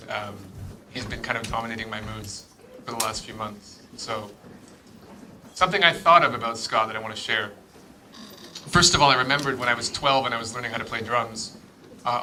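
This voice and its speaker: A man's voice: medium pitch, brisk, a crowd in the background. A man speaking a hesitant, heartfelt memorial tribute in a club hall. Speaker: musician giving a tribute.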